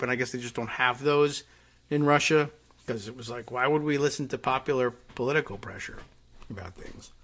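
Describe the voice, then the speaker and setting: A man's voice: mid-range voice, fairly bright tone. A man hosting a political talk show, reading news items aloud and breaking off into sarcastic, rambling asides full of fillers. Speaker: podcast host.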